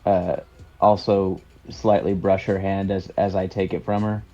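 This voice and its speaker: A man playing a tabletop game, talking in a deliberate, hesitant way. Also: low-pitched, flat delivery, warm tone, highs cut off, soft background music. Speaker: player.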